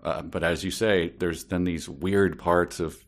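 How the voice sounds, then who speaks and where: A man's voice: low-pitched, fairly even intonation, measured pace. A man co-hosting a casual book podcast, chatty and amused as he tells stories. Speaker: podcast co-host.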